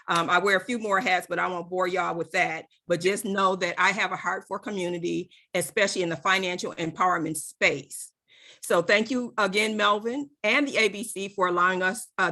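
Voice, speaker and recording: Bright-voiced woman moderator. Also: on the low side. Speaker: panel moderator. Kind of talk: prepared remarks at a virtual session.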